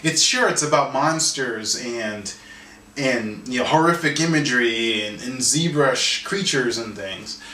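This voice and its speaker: A man, an artist and author, telling a story in an interview in an animated way, often restarting and repeating words. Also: mid-range voice, a little slow, a little hiss or hum. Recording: roomy sound from a distance, faint ambience.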